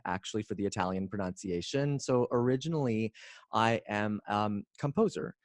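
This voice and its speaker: A man in his forties, a guest on an interview show, talking in an expressive, playful way with drawn-out phrasing. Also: fairly low pitch, no echo. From Canada. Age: 40s. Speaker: guest, speaker and coach. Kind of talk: casual interview chat.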